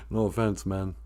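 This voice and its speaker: A man's voice: deep voice, mellow. A man hosting a live stream, rambling casually, joking and laughing often. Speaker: host.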